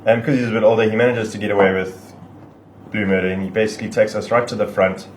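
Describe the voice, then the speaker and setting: A South African man telling a long, excitable anecdote in a casual podcast chat. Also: lowish voice, fast talker, roomy sound, a little hiss or hum, poor audio. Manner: excitable, rambling anecdote teller.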